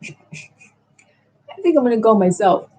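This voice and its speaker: A woman's voice: fairly high pitch, big pitch swings, slow, dark tone, husky. A middle-aged woman hosting a late-night livestream, chatting in a meandering way and answering viewers in the chat. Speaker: livestream host.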